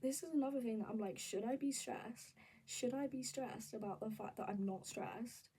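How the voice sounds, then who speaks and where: A young woman vlogging in a candid, rambling, animated casual chat. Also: a little high, moderate pace, recorded from a distance, a little hiss or hum, rough recording. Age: young adult.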